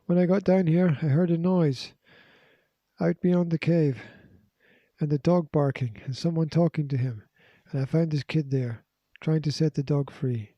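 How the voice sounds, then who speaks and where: A man doing a threatening gunman in a storybook, barking out warnings in a raised, forceful voice. The tone is very dark and mellow, and the recording is dull and lo-fi. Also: a little high, fairly even intonation, unhurried, no room sound. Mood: scornful. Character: menacing armed male villain, threatening.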